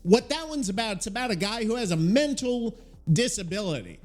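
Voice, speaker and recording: A man's voice: sits high, big pitch swings, a little fast, darkish tone. A man hosting a casual podcast alone, rambling and swearing freely as he thinks aloud and looks things up. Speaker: podcast host. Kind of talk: casual solo podcast chat.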